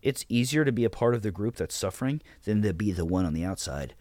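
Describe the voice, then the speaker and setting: In a dry recording, a man in his thirties talks fast in a lowish, slightly mellow, animated voice. He's a podcast guest, blunt and foul-mouthed, casually recounting how he ran his platoon and quoting the orders he gave.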